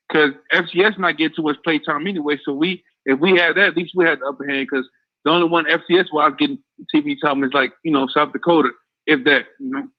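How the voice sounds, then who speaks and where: A man calling into a talk show, blunt and rambling, repeating himself. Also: fairly high pitch. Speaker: caller. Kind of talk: casual call-in talk. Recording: dull lo-fi phone line.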